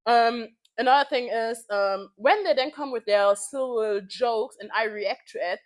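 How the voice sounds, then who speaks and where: A woman's voice: on the high side, measured pace. A woman in her twenties venting in a casual vlog, frank and heated, swearing freely and repeating phrases for emphasis. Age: 20s. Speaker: vlogger.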